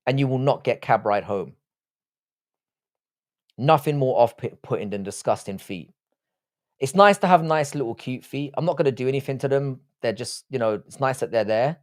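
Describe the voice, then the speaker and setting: A young man hosting a live stream and answering the chat from his desk mic. He talks bluntly and crudely in a joking tone, swearing freely. His voice sits at a middle pitch. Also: lively intonation, moderate pace. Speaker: livestream host reading chat. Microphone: desk microphone, seated.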